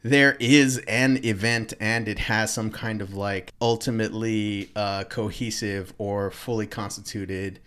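A man's voice: lowish voice, fairly even intonation, unhurried, hardly any pauses, a bit bright, smooth. A man talking philosophy as a podcast guest, rambling and searching for words with lots of fillers. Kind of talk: casual philosophical discussion.

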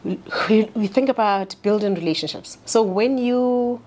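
A South African woman speaking as a panel guest, reflective and measured, thinking aloud as she talks. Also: medium pitch, dark tone. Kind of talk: casual panel chat.

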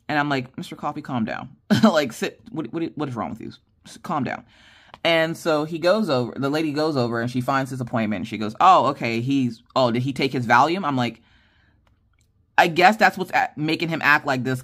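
A woman hosting a casual craft-channel chat, telling a long personal story and acting out the dialogue with lively shifts in her voice. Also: extremely low pitch. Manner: animated, acts out quoted dialogue with lively voice shifts; chatty, with many fillers and restarts.

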